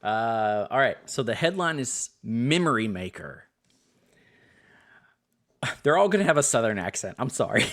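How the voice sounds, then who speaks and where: A male podcast co-host chatting casually, sarcastic and quick to laugh. His voice swings up and down with lively intonation. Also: mid-range voice.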